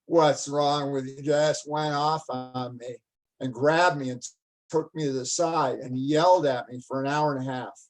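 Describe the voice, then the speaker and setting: Older man telling a lively story. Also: mid-range voice, moderate pace, low-quality recording. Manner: animated, laughs often, lively retelling. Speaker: guest. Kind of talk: casual storytelling.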